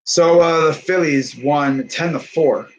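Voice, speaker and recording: Young male streamer, laid-back live game calls, wry humor, voice a touch high. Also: slow, highs cut off. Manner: laid-back, wry asides between pitches. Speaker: host of a live sports reaction stream. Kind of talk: casual live play-by-play reaction.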